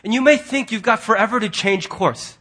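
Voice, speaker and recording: A man preaching a sermon in an earnest, husky voice that sits high for a man. He presses hard on key words, then drops to a hush. His talk is that of a pastor before his church. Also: lively intonation, fairly quick. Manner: earnest, swings from loud emphasis to hushed quiet.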